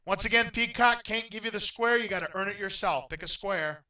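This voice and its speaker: A man hosting a game show in an upbeat, announcer-like way, getting loudly excited when a contestant wins. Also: high voice, a little fast, distant mic, rough recording.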